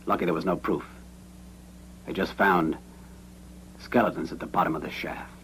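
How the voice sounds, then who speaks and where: An actor playing a cold, ruthless former army captain in a dubbed western, speaking in a menacing, matter-of-fact way. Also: male voice, deep voice, fairly even intonation, moderate pace, fairly bright tone, slight background noise, poor audio. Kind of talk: dubbed 1970s western film acting.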